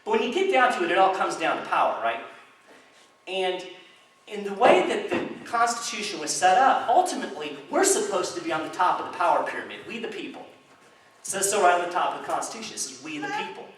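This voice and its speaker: A man giving a public talk to a crowd in a chamber of commerce hall, in an animated storytelling manner. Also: high voice, a little fast. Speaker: speaker. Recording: echoey hall, distant mic, faint noise.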